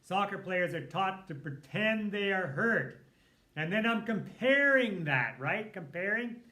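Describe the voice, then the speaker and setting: This recorded lesson has a man with a high-sitting voice, talking a little slowly as he edits a sample piece of writing. His manner is casual, full of fillers as he reasons out loud.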